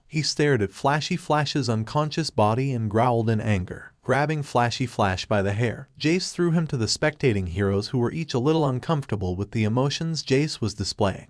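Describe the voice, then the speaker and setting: Brief: male storyteller, steady scripted read, mid pitch, dry close recording. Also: moderate pace, hardly any pauses, dry recording. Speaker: narrator. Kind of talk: scripted narration of fan fiction.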